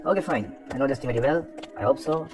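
A man commentating a horror game as he plays, excitable and taunting the monster, with some swearing. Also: mid-range voice, fast, music in the background. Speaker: gaming commentator. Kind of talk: let's play commentary.

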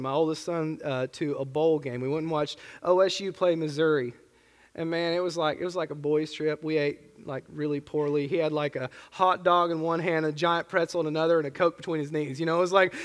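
A man's voice: high voice, a bit bright. A man in his thirties, a pastor preaching a sermon in an earnest, conversational way with casual asides. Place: church sanctuary. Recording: long church reverb.

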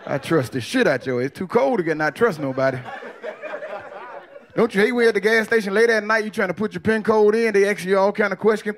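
A man doing a profane stand-up comedy set, telling loose stories with quick character voices. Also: high-pitched. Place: comedy club stage with audience. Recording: loud crowd laughter behind.

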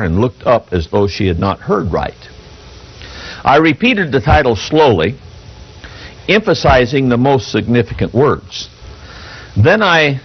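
A man preaching from the pulpit, his husky voice rising and falling in lively swings as he tells a story to the congregation. He talks in a folksy, halting way and reads an article aloud. The recording is dull and lo-fi. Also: medium pitch. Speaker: pastor. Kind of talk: sermon. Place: church pulpit.

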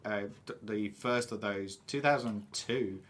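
A man's voice: fairly low pitch, a little slow, fairly bright tone, slight background noise. An English man hosting a casual podcast chat, rambling with lots of fillers. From England. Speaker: podcast host.

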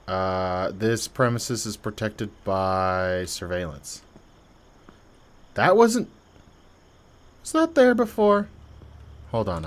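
A man giving casual, joking commentary while playing a horror game. He reads on-screen text aloud and swings between quiet muttering and loud yelps. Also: deep voice, a little hiss or hum. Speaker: let's play gamer.

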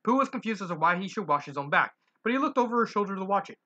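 A story reader who giggles and adds little asides while reading aloud. The voice is bright, with lively pitch. The home recording sounds dull and lo-fi. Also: very fast. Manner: giggly, self-commenting asides. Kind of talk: reading fan fiction aloud.

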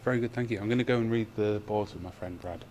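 A man's voice: fairly low pitch, quick pace, a little mellow. A young man from England with an English accent, chatting in a casual, upbeat way as a travel vlogger. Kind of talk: casual chat. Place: outdoors and in a car. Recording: outdoor noise and traffic.

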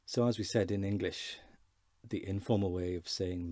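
A man giving an informal beginner language lesson, slowly modelling words for learners to repeat. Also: deep voice, fairly even intonation, a little mellow, no echo. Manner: slow, careful pronunciation drills. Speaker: Welsh language teacher.

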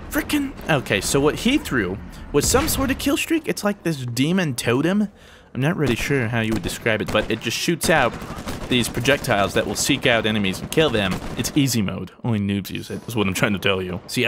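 A man's voice: mid-range voice, background noise. A young man giving live commentary on a game he is playing, yelping when startled and making cocky asides to viewers. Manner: excitable, yelps and squeals when startled. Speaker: gaming video host.

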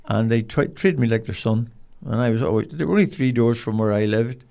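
An older man with a Northern Irish accent, telling rambling, animated stories as an interview guest. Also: mid-range voice, a little fast, creaky. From Northern Ireland. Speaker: guest, dog trainer. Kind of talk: casual storytelling.

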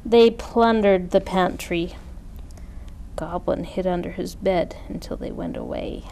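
A woman reading a children's picture book aloud with expressive delivery. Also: lowish voice, unhurried, creaky, slight background noise, low-quality recording. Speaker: story reader. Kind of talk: children's storytime read-aloud.

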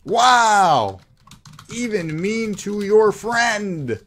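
Male streamer, sarcastic and teasing; somewhat high, swooping voice that rises and falls a lot. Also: big pitch swings, slow, a bit bright. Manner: sarcastic, mocking; reads other players' chat aloud. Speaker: game streamer. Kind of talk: live gameplay commentary.

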